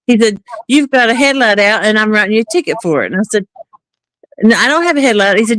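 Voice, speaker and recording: Woman guest, mid-pitch, casual storyteller who acts out every line of dialogue; dry, close sound. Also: brisk, dry recording. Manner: animated, acts out quoted dialogue.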